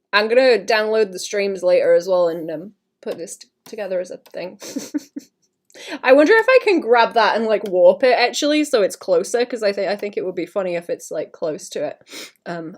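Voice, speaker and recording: A young woman chatting casually to her stream as she draws, muttering to herself and often clearing her throat. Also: mid-range voice. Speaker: artist livestreaming. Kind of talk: casual streaming chat while drawing.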